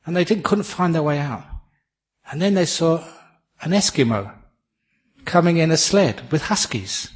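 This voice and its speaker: A man's voice: fairly high pitch, expressive, a little slow, slightly rough. English man giving a humorous dharma talk. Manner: gentle, humorous storyteller who laughs at his own jokes. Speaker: Buddhist teacher.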